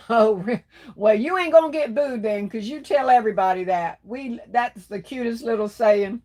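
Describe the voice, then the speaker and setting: A woman's voice: a little high, moderate pace. Lady hosting a craft live, chatty and sweet, calling folks baby and darling. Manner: warm, affectionate, calls viewers baby and darling. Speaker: livestream host. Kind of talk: casual livestream chat reading comments.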